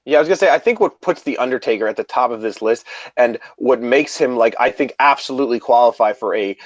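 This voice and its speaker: A man's voice: mid-range voice, quick pace, no echo, highs cut off. A man co-hosting a podcast, chatting casually and hedging with lots of "like". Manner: chatty, hedging with many likes. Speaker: podcast co-host.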